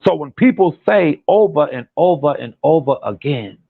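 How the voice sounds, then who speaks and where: Man, gravelly, lively up and down, phone-line sound, dry. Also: on the high side, normal speed, dry recording. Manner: animated, repetitive and emphatic, drops into imitated quotes. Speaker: guest on a commentary channel, relative of a defendant. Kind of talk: casual call-in chat.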